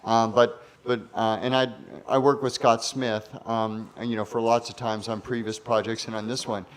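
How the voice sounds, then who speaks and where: Man in his fifties, interview guest, rambling anecdote, mid-pitched voice. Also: little pitch movement, normal speed, a little hiss or hum. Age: 50s. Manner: rambling, many fillers and restarts.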